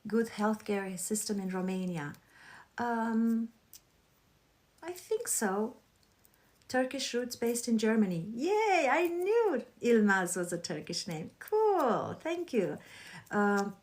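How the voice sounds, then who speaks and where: A woman hosting a casual spiritual livestream, gushing and chatting warmly with her viewers. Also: mid-range voice. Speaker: livestream host.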